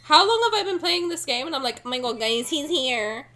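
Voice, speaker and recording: A young woman streaming a game, chatting playfully to her viewers, joking and breaking into excited shouts. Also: high-pitched, brisk, faint music behind. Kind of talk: casual game stream commentary.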